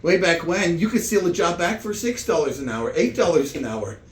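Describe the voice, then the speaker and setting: A man telling comic stories in meandering, halting chat full of restarts. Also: a little high, sing-song, roomy sound, slight background noise. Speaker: comedian. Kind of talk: rambling comedic chat.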